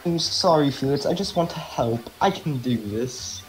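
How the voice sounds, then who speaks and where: A man's voice: mid-range voice, lively intonation, normal speed, soft background music, natural voice, poor audio. A man voicing an earnest young schoolboy who is plotting a scheme, talking eagerly. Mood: pleading.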